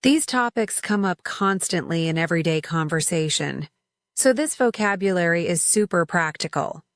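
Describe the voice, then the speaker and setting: A woman's voice: on the low side, expressive, normal speed, no echo, clean studio sound. A woman narrating a scripted lesson on English slang, lifting her voice for each example phrase. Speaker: English teacher.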